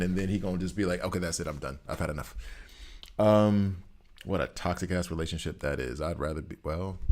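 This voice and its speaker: A man's voice: low-pitched, a little mellow. A middle-aged man streaming a game, rambling through opinions and laughing often in casual chat. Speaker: gaming streamer.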